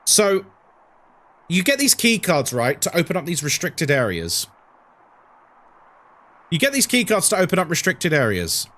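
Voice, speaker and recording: Lively man telling game stories. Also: a little high, unhurried, long pauses. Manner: animated, rambling storyteller who repeats himself. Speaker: streamer. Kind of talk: casual chat on a horror game stream.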